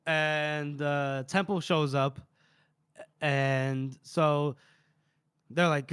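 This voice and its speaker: A man's voice: fairly high pitch, unhurried, fairly bright tone, smooth, no echo, clean studio sound. A man co-hosting a podcast, animatedly retelling a book's chapters in casual chat with laughs. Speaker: podcast co-host. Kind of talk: casual book-discussion chat.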